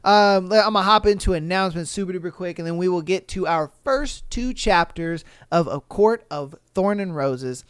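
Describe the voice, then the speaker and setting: A man's voice: high voice, moderate pace, few pauses, clean tone, no room sound, clean studio sound. A man hosting a podcast, reading listener stories in casual, slangy chat and laughing often. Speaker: podcast host.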